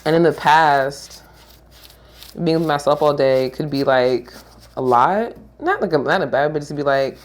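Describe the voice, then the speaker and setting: A woman's voice: low voice, measured pace. A woman who works as a yoga therapist, chatting casually in a podcast conversation, rambling and laughing often as she trails off and restarts.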